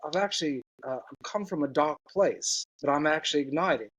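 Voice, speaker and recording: A man's voice: on the high side, animated, a bit bright, poor audio. A man doing a shaky South African accent. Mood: earnest. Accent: attempted South African. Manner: put-on accent, halting.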